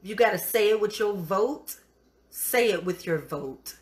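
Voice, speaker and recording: A middle-aged woman hosts a live cooking show in an unhurried, drawn-out way. She encourages her viewers with a preachy warmth and keeps calling them honey. Her pitch sits at an everyday middle height for a woman. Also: animated.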